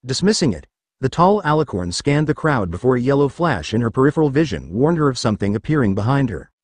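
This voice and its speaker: Animated man narrating a story. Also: medium pitch, fast talker, no room sound. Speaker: story reader. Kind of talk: scripted narration of a fan story.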